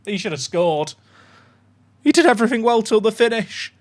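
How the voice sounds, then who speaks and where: A young man streaming a football management game, talking straight to his chat. His slightly high voice swings wildly up and down as he reacts, and he swears casually between bursts of excitement. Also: moderate pace. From England. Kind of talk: live gaming commentary.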